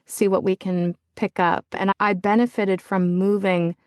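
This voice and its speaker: A woman's voice: mid-range voice, flat delivery, unhurried, a little mellow, clear, resonant tone, dry recording, studio quality. A woman from the United States, an audiobook narrator and podcast guest, who talks in a thoughtful, vivid and playful way. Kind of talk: casual podcast interview.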